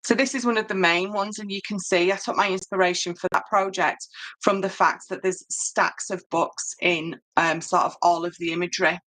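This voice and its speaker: A chatty Yorkshire woman leading a live papercraft tutorial, answering viewers as she works. Her voice sits low for a woman yet has a bright, forceful edge. She talks casually, with plenty of ums and restarts. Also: steady tone, moderate pace. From Yorkshire, England.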